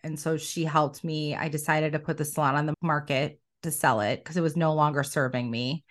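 A middle-aged woman coach, a podcast guest telling her life story with quoted thoughts and animated asides. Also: deep voice, fairly quick. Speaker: coach and academy founder.

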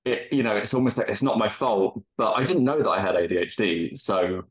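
A man's voice: on the low side, brisk, husky. A man, a podcast guest, explaining things in a reflective, rambling way. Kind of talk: casual chat. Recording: dull muffled audio.

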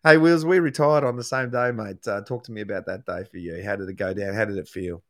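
A man's voice: fairly low pitch, quick pace, fairly bright tone, dry recording, clean studio sound. A middle-aged man with an Australian accent, hosting a casual interview and telling stories with frequent laughter. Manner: storytelling, laughs often. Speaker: podcast host, former footballer.

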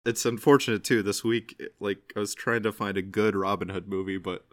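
A low-voiced man talks through a film in casual podcast chat, rambling and unsure of himself. His speech keeps trailing off and circling back. The recording is dry and close, with no room sound. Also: steady tone, brisk, a bit bright, no echo. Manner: hesitant, rambling, many "I don't know"s. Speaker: podcast co-host. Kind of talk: casual movie review chat.

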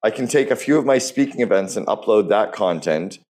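A man's voice: on the low side, expressive, brisk, a little mellow. A man hosting a podcast interview, talking enthusiastically and bluntly, with casual swearing. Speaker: podcast host.

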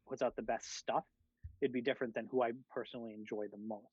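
A man hosting a laid-back podcast over a video call, laughing often and swearing casually. His voice sits at an ordinary pitch, and the sound comes through dull and lo-fi, close and dry. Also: fairly even intonation, fast, breathy edge, no room sound. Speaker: podcast host. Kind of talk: casual chat.

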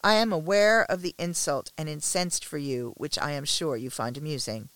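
A woman's voice: low-pitched, moderate pace, fairly bright tone, no echo. Woman narrating a tense first-person story.

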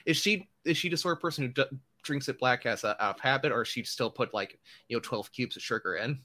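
A man's voice: mid-range voice, fairly quick, sharp tone. A man narrating as game master of a tabletop game, casual and rambling. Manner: casual, rambling, filler-heavy.

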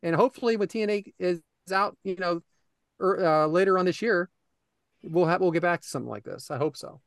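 A man's voice: high-pitched, brisk, no room sound, studio quality. A man hosting a casual podcast, loose and joking, laughing often and cursing casually. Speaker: podcast host.

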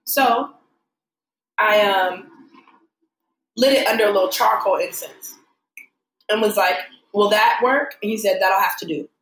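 Woman, young adult, casual storyteller, animated, roomy echo. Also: medium pitch, measured pace, pauses often, slight background noise. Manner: animated, acts out quoted voices. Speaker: podcast guest.

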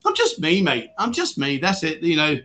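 A man's voice: fairly high pitch, wildly swooping pitch, moderate pace, pushed and bright. A British man hosting a casual livestream, out of breath, chatty and jokey, rambling with self-corrections. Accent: British English. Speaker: livestream host.

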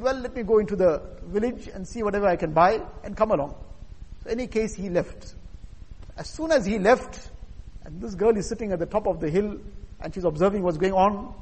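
A man with a high-sitting, slightly rough voice preaches a sermon, earnestly telling a story and voicing its characters through quoted dialogue. The recording carries a long hall reverb.

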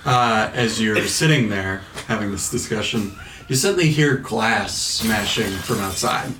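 A man's voice: lowish voice, measured pace, bright, forceful tone, a little hiss or hum. A man running a tabletop game as game master, setting scenes in a casual, loose way with fillers. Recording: echoey room, mic at a distance.

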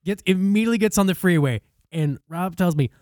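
A man's voice: sits high, fairly quick, no echo, clean studio sound. A young man telling a story on a podcast, swearing a lot and laughing between lines. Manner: laughing, profane, animated storytelling. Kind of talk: casual storytelling chat.

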